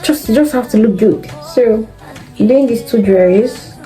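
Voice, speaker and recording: A young woman, chatting excitedly to viewers in a casual vlog from her kitchen, recorded on a propped-up phone. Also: fairly high pitch, normal speed, rough recording. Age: young adult. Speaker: student vlogger. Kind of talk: casual vlog chat to camera. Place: home kitchen, indoors. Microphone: phone camera propped up nearby. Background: background music.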